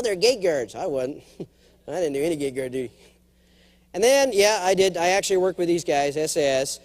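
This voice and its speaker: A man in his forties giving a humorous conference keynote, telling stories and jumping into acted quotes. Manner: animated storyteller, jumps to high acted quotes. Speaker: keynote speaker. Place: large conference hall.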